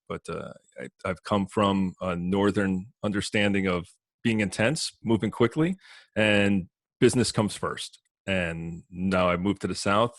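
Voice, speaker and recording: A man in his fifties with a New Jersey accent, talking as a guest on an interview podcast in a relaxed, reflective way. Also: deep voice, no room sound, studio quality. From northern New Jersey. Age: 50s. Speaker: podcast guest, business consultant. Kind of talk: casual interview talk.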